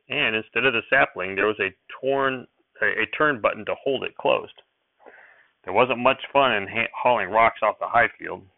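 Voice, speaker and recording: A man reads a first-person novel aloud in a plain, steady way, with a few small slips. His voice is low and gravelly. The sound is dry and tinny, like a phone line. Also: no echo. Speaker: audiobook reader.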